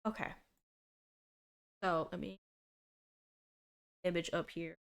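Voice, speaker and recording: A young woman in her twenties streaming a casual reaction, talking in an animated and sarcastic way and laughing often. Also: fairly low pitch, slow pace, vocal fry, smooth.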